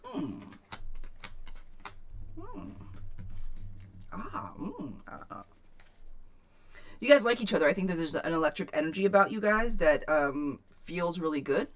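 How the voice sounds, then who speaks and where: A woman's voice: low-pitched, very animated, moderate pace, pauses often. A woman giving a live tarot reading to viewers, chatty and frank, swearing casually and calling people sweetheart. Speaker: tarot reader.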